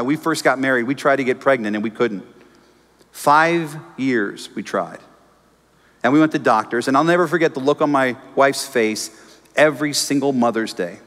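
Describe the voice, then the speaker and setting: A man preaching a sermon as pastor, telling stories with humor and acting out the voices of the people he quotes. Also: mid-range voice. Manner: animated storytelling, acts out quoted voices, jokes with congregation. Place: church auditorium. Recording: long reverb of a church hall.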